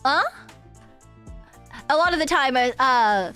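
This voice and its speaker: A woman's voice: high-pitched, expressive, unhurried, pauses often, a bit bright, soft background music. A woman streamer chatting casually and rambling, laughing often and swearing now and then. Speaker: VTuber streamer. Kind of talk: casual livestream chat.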